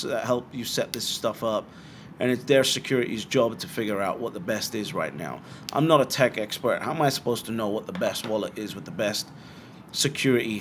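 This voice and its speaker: A young British man hosts a casual bitcoin livestream, answering viewer questions bluntly, swearing freely, and tossing in animated asides. His voice is middle-pitched, with faint noise and room ambience in the background.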